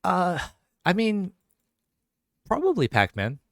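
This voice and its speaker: A man's voice: high-pitched, wildly swooping pitch, slow, dry recording, clean studio sound. A man teaching a casual live-streamed language lesson, chatting loosely and answering viewer questions as they come in. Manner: casual, chatty, reads chat questions aloud.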